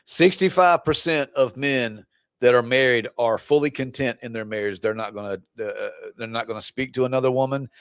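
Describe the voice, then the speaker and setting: A man's voice: medium pitch, normal speed, a bit bright, smooth, no room sound, studio quality. A man who coaches people through divorce, talking on a live stream in a blunt, preachy, fired-up way and teasing his viewers. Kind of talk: live stream pep talk.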